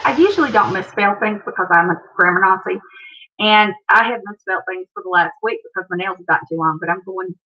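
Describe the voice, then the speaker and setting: A woman's voice: mid-range voice, sharp tone. Appalachian American woman hosting a live stream, chatty, reads viewer comments, slightly muffled home audio. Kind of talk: casual live stream chat.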